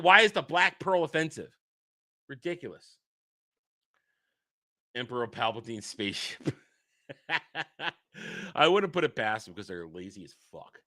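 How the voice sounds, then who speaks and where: A man hosting a commentary show, ranting angrily and swearing, sometimes shouting. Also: mid-range voice. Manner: angry, profane, shouting rants. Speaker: show host.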